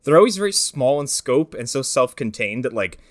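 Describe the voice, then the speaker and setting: A man co-hosting a movie podcast, tossing in dry wisecracks and quick jokes. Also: medium pitch, very animated, no echo. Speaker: podcast co-host. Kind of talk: casual movie-review banter.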